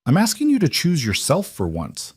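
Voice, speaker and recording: A man's voice: fairly high pitch, huge pitch swings, moderate pace, darkish tone, slightly rough, no room sound, pitched above the performer's own voice, heavily acted. A man voicing a stubborn, frightened young woman who argues back, with a dry close sound. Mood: pleading.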